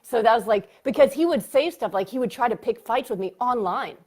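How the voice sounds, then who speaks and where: A woman psychiatrist, a guest in a casual interview, telling stories in an animated way with lots of fillers and bursts of laughter. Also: on the high side, a little fast, breathy edge.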